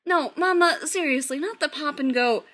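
A woman voicing a flustered, exasperated young man who gets shrill and impatient. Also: big pitch swings, measured pace, sharp tone, heavily acted.

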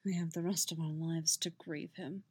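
A woman voicing a weary, guarded grown man who speaks low, quiet and measured while he grieves. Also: steady tone, husky. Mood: quiet, grieving.

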